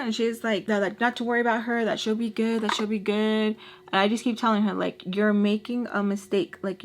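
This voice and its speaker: A woman in her thirties telling a storytime in a casual, chatty way, with lots of fillers and animated quoting of arguments. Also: medium pitch. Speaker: storytime vlogger.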